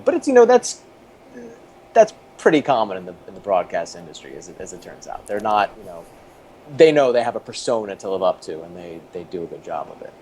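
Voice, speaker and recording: A man's voice: lowish voice, warm tone, a little hiss or hum. A man in his thirties, an interview guest and former TV producer, telling stories casually with many restarts and chuckles.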